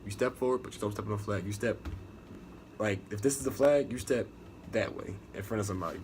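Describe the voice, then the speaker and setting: A young American navy recruit with a lowish, slightly mellow voice talks fast in a casual storytelling vlog about his boot camp experience. The recording has a little hiss or hum, and he's profane and rambling, with many restarts.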